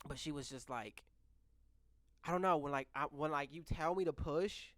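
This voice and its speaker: A young man in his twenties spinning a storytime tale with a sharp, bright voice. He is animated, laughs often, trips over his own words, and swears freely as he talks straight to the camera. The sound is close and dry. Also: fairly high pitch, normal speed, dry recording. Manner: swears casually, addresses viewers directly. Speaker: vlogger telling a story. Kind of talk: casual storytime monologue.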